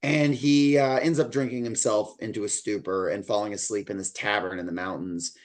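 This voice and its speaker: A man's voice: lowish voice, fairly even intonation, moderate pace. A man co-hosting a podcast, talking through a book in a loose, rambling way with lots of fillers. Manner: rambling, loose delivery full of likes and ums. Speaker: podcast co-host. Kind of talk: casual book-discussion chat.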